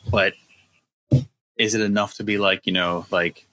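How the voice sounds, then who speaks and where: A man's voice: fairly low pitch, little pitch movement, a little slow, sharp tone, a little hiss or hum, low-quality recording. A man co-hosting a podcast, retelling a novel's scenes in loose casual chat and acting out the quotes with plenty of laughter. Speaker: podcast co-host.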